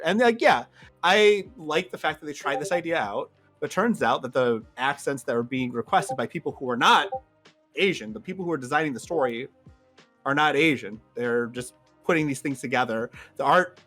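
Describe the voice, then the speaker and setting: A man's voice: medium pitch, fairly bright tone. A man in a heated casual discussion who talks in a rambling way, full of fillers, and insists on finishing his point. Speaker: panel guest.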